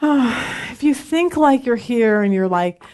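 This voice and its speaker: A woman's voice: a little high, expressive, takes it slowly, a little mellow. Chatty woman teaching Bible study. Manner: chatty, self-deprecating, laughs often.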